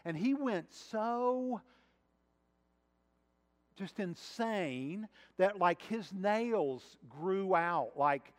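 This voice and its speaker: A man delivers a sermon in a high voice, talking it through with his listeners and asking them questions. His words ring out with the long reverb of a big church sanctuary. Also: animated, extremely slow. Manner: conversational preaching with rhetorical questions. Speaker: pastor.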